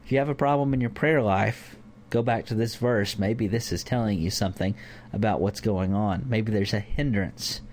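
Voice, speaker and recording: A man's voice: lowish voice, normal speed, a little mellow, a little hiss or hum. A man teaching a conversational Bible lesson to a church group, informal with fillers. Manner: informal, with fillers and acted-out examples.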